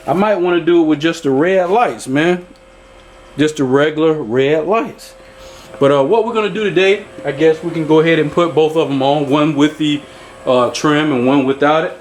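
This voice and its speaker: Working on his pickup in his home garage, a YouTube host chats with viewers in a relaxed, rambling way, keeping the conversation going throughout. His voice sits a little high at a normal speed, with some hiss or hum and background music.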